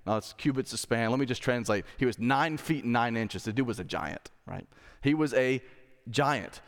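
A pastor preaches in an easygoing, conversational manner, dropping slang asides and then building to emphatic declarations. His voice sits at a middle pitch for a man. It rings out with a long reverb from the church room around him. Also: moderate pace. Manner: rises to emphatic intensity when making a point. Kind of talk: sermon. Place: church sanctuary.

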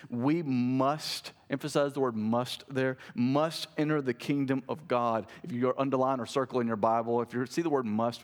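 A pastor preaching a sermon to his church, building to emphatic, rising peaks and then dropping to quiet intensity. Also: mid-range voice. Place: church sanctuary.

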